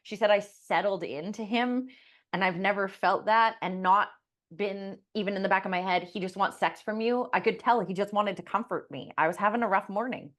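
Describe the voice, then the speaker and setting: A woman's voice: mid-range voice, moderate pace. Woman coach telling a story. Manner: animated storytelling, acting out quoted people. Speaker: podcast co-host and life coach. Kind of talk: casual podcast chat.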